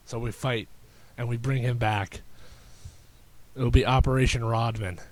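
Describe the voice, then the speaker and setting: A young man hosting a casual solo podcast, rambling and sarcastic with many halting restarts. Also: mid-range voice, steady tone. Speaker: podcast host.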